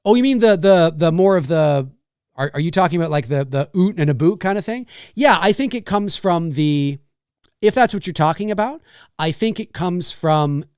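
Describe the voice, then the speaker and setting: Canadian male live-show host, rambling, animated, slightly high voice, dry sound. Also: moderate pace, smooth, no echo. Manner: rambling, animated, swears freely. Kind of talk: casual live-stream chat.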